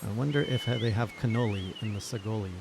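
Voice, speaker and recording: A man's voice: lowish voice, fast, creaky, background noise. A man streaming a game playthrough, rambling playfully and joking between lines of dialogue. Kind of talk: casual game playthrough commentary.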